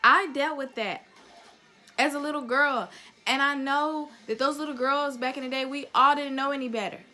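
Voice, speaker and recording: Blunt, bright-voiced young woman ranting. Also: high voice, steady tone, a little fast, faint music behind. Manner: blunt, profane, emphatic. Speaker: vlogger. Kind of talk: heated opinion rant to camera.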